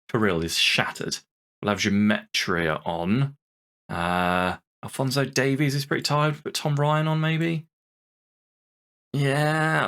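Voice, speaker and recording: A man's voice: mid-range voice, pushed and bright. A man hosting a gaming channel, giving exasperated, sweary commentary over a football management game. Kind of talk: let's-play commentary.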